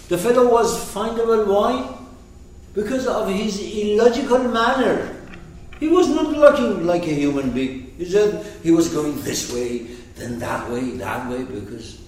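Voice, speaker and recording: Man, lively pitch, slow deliberate delivery, lecture, echoey room, distant mic. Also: a little hiss or hum. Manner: animated, swings from loud to hushed, acts out quotes. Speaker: teacher. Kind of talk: expressive lecture on a poem.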